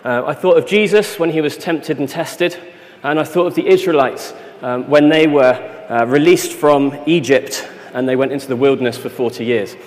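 A man's voice: mid-range voice, a little mellow, big-room sound. A man giving a conversational sermon and reading scripture aloud, with fillers and small self-corrections. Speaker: preacher.

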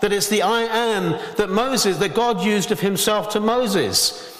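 Earnest high-voiced preacher in echoing hall. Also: male voice, a little slow, fairly bright tone. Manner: earnest, emphatic, dramatizes scripture quotes. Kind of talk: sermon. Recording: reverberant hall.

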